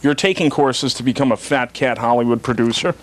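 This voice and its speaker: A man's voice: medium pitch, a little fast. A man hosting a talk show, teasing his guests in casual chat and reading out plugs. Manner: playful, teasing interviewer.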